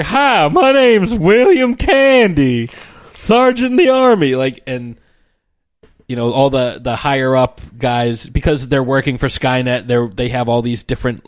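A man's voice: medium pitch, dry recording, studio quality. A man chatting casually about movies, rambling with lots of fillers and restarts. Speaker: film commentator. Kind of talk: casual film discussion.

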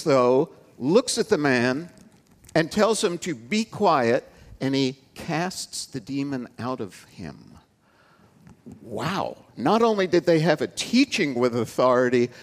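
Man, pastor, sermon, slow delivery, middle pitch, conversational asides. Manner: slow, deliberate, asides to the congregation.

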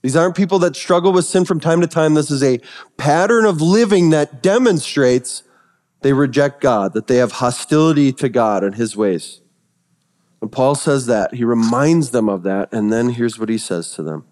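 A male pastor preaching a sermon, telling stories that swing from hushed, reverent passages to excited retellings. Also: medium pitch, normal speed, in a large hall.

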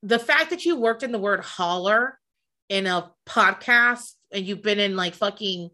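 A woman's voice: medium pitch, unhurried. A woman from the American South co-hosting a podcast, telling gossip stories casually, swearing freely and acting out the people she quotes. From American South, near Kentucky. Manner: animated storyteller who swears freely and acts out quotes. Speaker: podcast co-host.

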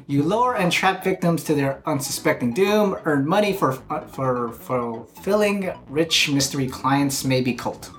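A man's voice: fairly high pitch, expressive, slow pace, a bit bright, soft background music. A man hosting a casual podcast, reading listener messages aloud and laughing often. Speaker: podcast host.

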